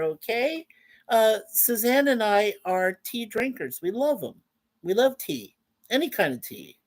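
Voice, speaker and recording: An older Canadian man hosts a laid-back weekly webcam show from home. He talks loosely and warmly to his viewers, reads out their comments and chuckles often. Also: high voice, big pitch swings, a little slow. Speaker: host. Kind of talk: casual livestream chat.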